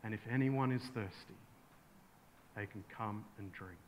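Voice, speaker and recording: A man preaching a sermon, earnest, building to emphatic peaks and then dropping soft. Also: lowish voice, unhurried, slight background noise. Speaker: pastor.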